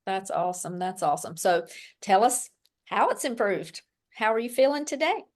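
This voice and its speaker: A woman's voice: medium pitch, very animated, moderate pace. A woman hosting a casual conversation, upbeat and encouraging toward her guest. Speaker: host. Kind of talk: casual chat.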